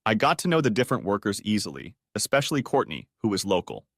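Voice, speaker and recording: Steady older male storyteller, dry sound. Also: fairly low pitch, fast talker, dry recording. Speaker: narrator. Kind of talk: first-person audiobook narration.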